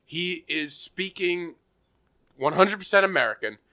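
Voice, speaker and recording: A young man on a casual podcast, telling an animated story and acting out what people said. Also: sits high, a little slow. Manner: animated storytelling, acts out quotes, laughs often. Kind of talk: casual chat.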